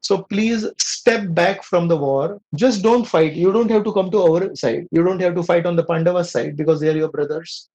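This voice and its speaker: A man's voice: sits high, moderate pace, hardly any pauses, a little mellow, lo-fi sound. A man with an Indian accent voicing a royal mother earnestly pleading with her son, in a story told during a lecture.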